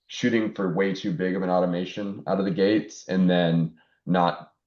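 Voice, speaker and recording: A man with a deep, mellow voice explains step by step on a webinar panel, thoughtful and steady. His audio is dull and echoey. He leans on small fillers as he thinks. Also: normal speed. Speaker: panelist, technology and forwarding executive.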